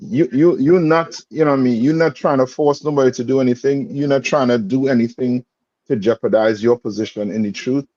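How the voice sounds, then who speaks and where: A man's voice: mid-range voice, brisk, darkish tone, no echo, dull audio. A man teaching a religious brotherhood class in a streetwise, repetitive way, often asking if listeners understand. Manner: repetitive questioning, streetwise phrasing.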